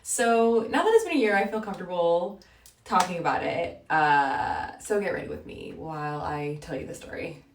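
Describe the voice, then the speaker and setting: A young woman in her twenties telling a storytime while getting ready, chatty and animated, full of "like". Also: fairly low pitch, normal speed, echoey room, distant mic, slight background noise. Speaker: vlogger.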